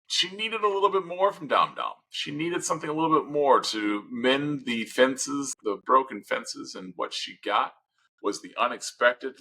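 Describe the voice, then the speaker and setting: A male podcast co-host with a low voice that swings widely in pitch. His tone is bright and a little husky. He rambles casually, restarting sentences as he goes. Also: low-quality recording. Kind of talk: casual chat.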